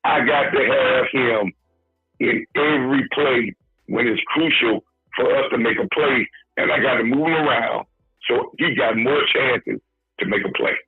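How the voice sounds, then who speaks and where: A man's voice: medium pitch, a little slow, no room sound. A man co-hosting a sports podcast, lecturing emphatically on football and repeating his points. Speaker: podcast co-host. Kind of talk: sports talk analysis. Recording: husky phone-like line, faint music.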